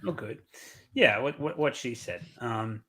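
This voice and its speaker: A man's voice: mid-range voice, lively intonation, a little slow, pushed and bright, husky. A man hosting a podcast, telling a story casually, with lots of swearing and animation. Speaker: podcast host.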